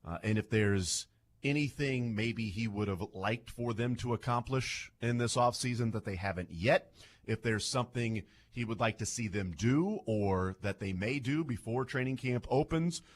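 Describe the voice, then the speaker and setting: A man's voice: mid-range voice, normal speed. A man hosting a sports radio show, chatty and playful as he jokes with his co-hosts. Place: radio studio.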